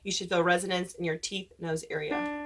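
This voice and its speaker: A woman voice teacher explaining diction rules for church cantors and demonstrating vowel shapes. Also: lowish voice. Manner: explains patiently, breaks into sung vowel examples. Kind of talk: instructional talk with sung demonstrations.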